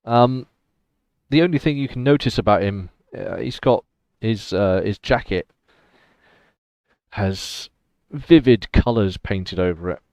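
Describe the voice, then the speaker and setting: A man narrating a tabletop game as game master, describing scenes in a relaxed way with fillers. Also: fairly low pitch, unhurried, dry recording. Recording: dull dry lo-fi recording.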